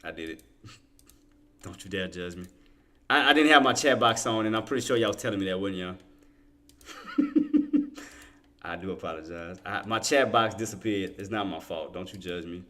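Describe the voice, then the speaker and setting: Trading streamer, man, bright voice, playful laughing banter with viewers. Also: sits low, very animated, normal speed, long pauses. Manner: loose casual slang. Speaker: stock trading livestream host. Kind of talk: casual livestream commentary to chat.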